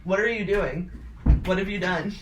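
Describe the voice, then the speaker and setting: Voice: mid-range voice, normal speed, noisy background. A podcast co-host recapping a horror movie in a rambling, casual way, swearing freely. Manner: rambling plot summary with frequent swearing and laughs.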